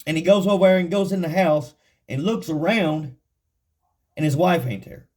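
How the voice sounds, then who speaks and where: A man's voice: a little high, darkish tone. Folksy, storytelling man teaching scripture. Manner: storytelling, folksy, laughs often; reads scripture slowly and deliberately. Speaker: Bible teacher. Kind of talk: casual Bible study teaching.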